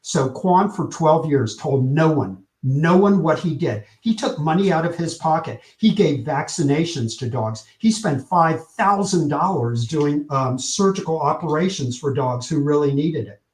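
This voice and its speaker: A man telling a story with energy in an interview, acting out the quotes with lively shifts in tone. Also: a little high, a little slow, few pauses, echoey room. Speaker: publicist, podcast guest.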